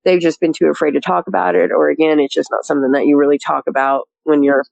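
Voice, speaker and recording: A woman's voice: deep voice, little pitch movement, quick pace, gravelly, darkish tone, dry recording, poor audio. A woman telling her story as a guest in a rambling, chatty way, full of "you know" and laughs. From rural area. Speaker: guest recounting a sighting. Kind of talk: casual storytelling.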